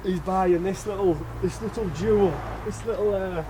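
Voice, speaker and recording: A man's voice: sits high, fairly even intonation, moderate pace, a crowd in the background, low-quality recording. A man in his forties, a car dealer chatting to camera and giving friendly advice. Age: 40s. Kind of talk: casual presenting to camera.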